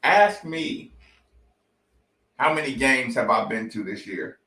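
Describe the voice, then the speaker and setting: A man's voice: mid-range voice, slow pace, sharp tone, recorded from a distance. A man hosting a sports talk show, ranting in a fired-up, profane, repetitive way. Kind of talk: heated sports talk rant. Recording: echoey room, voice off-mic.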